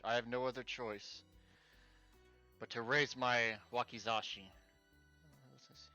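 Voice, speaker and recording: A man's voice: mid-range voice, fairly even intonation, unhurried, pauses often, pushed and bright, faint music behind. A male streamer reading game text aloud, breaking in with sarcastic, exasperated asides and swearing.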